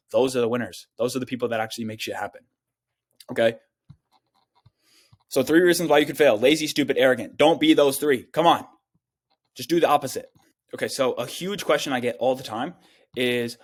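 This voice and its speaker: Fast-talking, blunt young man giving advice. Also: mid-range voice. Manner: blunt and profane, heavy slang and filler; acts out other people's lines in quick quoted voices. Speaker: online business coach. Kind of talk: casual advice monologue.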